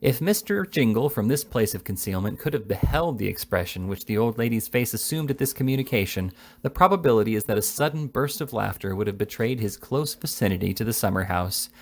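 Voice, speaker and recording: A man's voice: on the low side, animated, a little fast, hardly any pauses. A man casually reading a classic novel aloud, with frequent small slips and restarts. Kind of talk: casual read-aloud narration.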